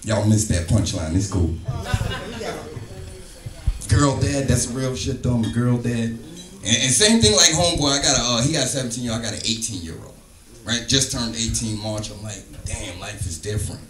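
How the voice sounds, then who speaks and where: A man doing a stand-up comedy set in a club, telling a profane story with lively acted-out quotes. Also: medium pitch, moderate pace. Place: comedy club stage, live audience. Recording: echoey club, distant mic, music behind.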